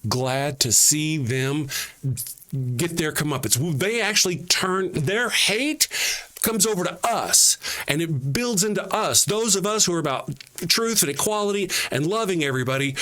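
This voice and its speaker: A man's voice: expressive, measured pace, sharp tone. Heated, profane man ranting. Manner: heated, profane, repetitive, emphatic; mocking quoted voices dropped low. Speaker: political commentator. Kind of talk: angry political rant to camera.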